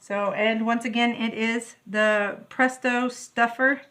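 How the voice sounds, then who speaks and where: A middle-aged woman, gushing with excitement as she demonstrates a recipe in her home kitchen. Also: fairly high pitch, takes it slowly. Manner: bubbly, gushing, easily excited. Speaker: home cooking vlogger. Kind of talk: casual cooking demonstration.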